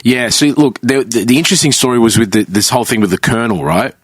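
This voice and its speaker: A man's voice: mid-range voice, quick pace, slightly rough, no room sound. A man in casual podcast chat, weighing his opinions carefully and hedging. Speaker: podcast co-host.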